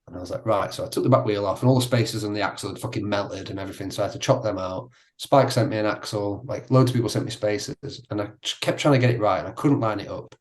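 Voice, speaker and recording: A man who is a podcast guest, telling animated stories in casual chat, swearing freely and laughing through his anecdotes. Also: fairly low pitch, fast talker, hardly any pauses.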